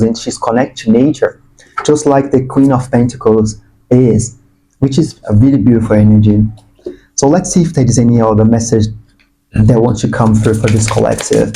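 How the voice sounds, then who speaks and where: A man giving an earnest, spiritual channeled tarot reading, sometimes breaking into excited bursts. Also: mid-range voice, low-quality recording. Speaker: tarot reader.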